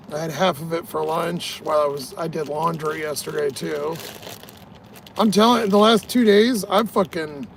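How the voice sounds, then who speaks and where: A man's voice: high-pitched, gravelly, a little hiss or hum. A tired man vlogging in a casual, rambling way, swearing often and laughing at his own stories. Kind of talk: casual rambling vlog talk.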